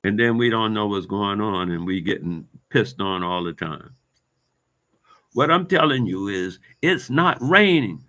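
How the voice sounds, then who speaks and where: A man in a fired-up vlog rant, cursing freely and hammering the same points again and again. His voice sits on the lower side, and he talks in loose, casual street slang. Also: lively intonation, measured pace, bright, forceful tone. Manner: heated, profane, repetitive street talk. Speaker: vlogger. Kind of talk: ranting monologue to camera.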